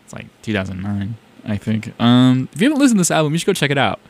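A man's voice: medium pitch, wildly swooping pitch, fast talker. A young man from South Carolina hosting a music show, chatting in a rambling, enthusiastic way about songs he just played. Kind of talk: casual music radio chat.

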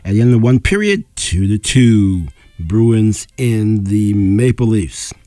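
A man's voice: fairly low pitch, lively intonation, warm tone, dry recording, soft background music. Man reading scores, voice going. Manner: plain, unhurried score reading with fillers and throat clearing. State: losing his voice. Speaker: local radio sports announcer. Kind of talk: reading sports scores on air. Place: radio studio.

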